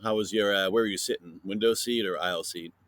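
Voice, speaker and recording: A man's voice: fairly low pitch, fairly even intonation, fast, a bit bright. Playful chatty man hosting a podcast. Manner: playful, mock-interviewing a silent spider guest; chatty with many fillers. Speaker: podcast host. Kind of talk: casual kids' science podcast.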